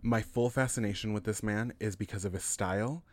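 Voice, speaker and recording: A man co-hosting a podcast in casual chat, excitable and gushing, swearing often. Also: lowish voice, a little fast, no room sound. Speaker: podcast co-host.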